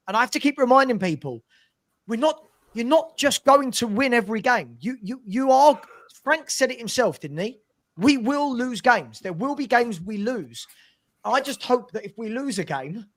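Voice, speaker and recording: A man's voice: high voice, a bit bright. A man, a fan podcast panelist making emphatic, cautionary points in casual football debate.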